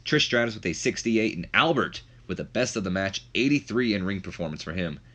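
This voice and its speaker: Man, low voice, casual game commentary, rambling with fillers. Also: expressive, brisk, pushed and bright.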